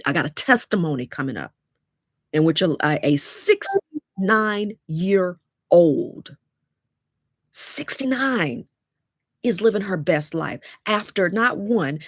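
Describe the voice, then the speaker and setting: Brief: woman, fifties, low voice, dry close mic, preachy coach. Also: no room sound. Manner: preachy, call-and-response, emphatic repetition. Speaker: dating coach. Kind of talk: motivational livestream talk.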